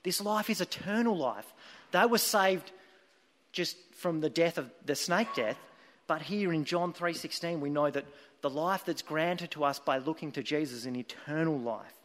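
A man preaches with earnest, emphatic storytelling. His voice sits high for a man, and a long reverb trails each phrase across the hall. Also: moderate pace, a bit bright. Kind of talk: sermon.

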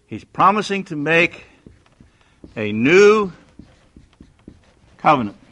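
A man teaching a Bible class who questions his listeners, answers himself, and swings between loud emphasis and hushed tones. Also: fairly high pitch, big pitch swings, slow.

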